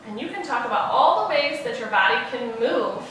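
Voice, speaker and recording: A woman teaching preschoolers in a virtual class, speaking in a slow, sing-song, encouraging way. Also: fairly high pitch, sing-song, a bit bright, distant mic, a little hiss or hum. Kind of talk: virtual class for young children. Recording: echoey room, voice off-mic.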